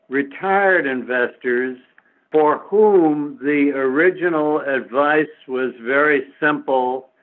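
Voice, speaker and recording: A man from the United States, an economist guest answering interview questions in a measured way, pausing often on fillers. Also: mid-range voice. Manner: measured, with frequent filler pauses. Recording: tinny phone-like line.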